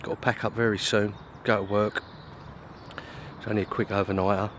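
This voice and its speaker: A man's voice: lowish voice, little pitch movement, fairly quick, heavy background noise. Chatty man vlogging by a lake. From Britain. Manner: chatty, self-mocking, grumbling asides. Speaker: fishing vlogger. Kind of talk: casual vlog to camera. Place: outdoors at a lake in wind and rain.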